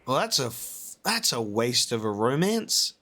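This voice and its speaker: A man's voice: medium pitch, sing-song, measured pace, bright, forceful tone. A man reacting to a video game as a let's-play host, exasperated and rambling, often swearing.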